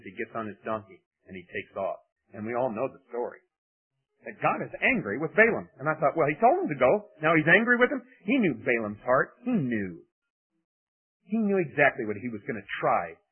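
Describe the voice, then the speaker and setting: A man's voice: medium pitch, normal speed, husky. A man preaching a sermon, retelling a scripture story dramatically and acting out the voices, heard over a tinny radio broadcast. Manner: animated, dramatic, acts out voices.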